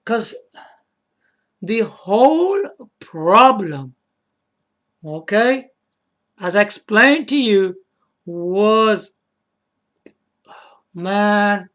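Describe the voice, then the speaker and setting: A video game vlogger speaks very slowly with long pauses, his high, fairly bright voice still animated. Talking casually through a solo video, he rambles, repeats words, checks in with the viewer, and lets out little chuckles and apologies.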